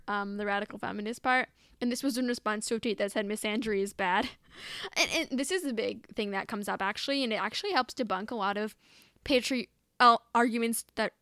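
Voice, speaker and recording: A woman's voice: medium pitch, bright, forceful tone, clear, resonant tone, dry recording, studio quality. Exasperated young woman on a podcast. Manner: exasperated, sarcastic, frequent restarts. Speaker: podcast host. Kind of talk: commentary reading tweets aloud.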